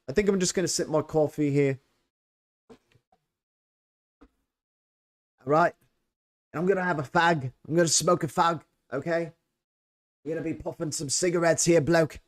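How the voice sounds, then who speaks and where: A man's voice: on the high side, voice pushed up, close to an everyday voice. An American man putting on an exaggerated British accent, playing a grumbling, slangy bloke. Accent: put-on British accent.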